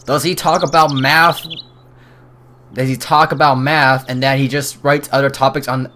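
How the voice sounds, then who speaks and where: A man's voice: medium pitch, flat delivery, moderate pace, bright, forceful tone, slight background noise. A man chatting and reacting while playing through a video game. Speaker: gamer. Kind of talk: let's play commentary. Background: video game music.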